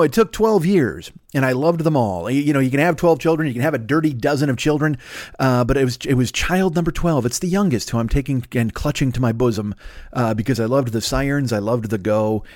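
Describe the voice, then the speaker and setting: A man's voice: medium pitch, no echo, studio quality. A man hosting his own podcast alone, riffing in a profane, rambling comedic monologue that jumps between tangents. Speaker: podcast host. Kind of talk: solo comedic podcast rant.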